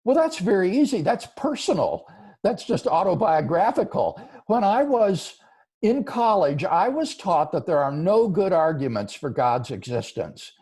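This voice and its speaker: A man's voice: high voice, unhurried, slightly rough. A man, a philosopher, answering viewer questions in an interview, earnest and explanatory. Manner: earnest, explanatory, lively rising and falling delivery.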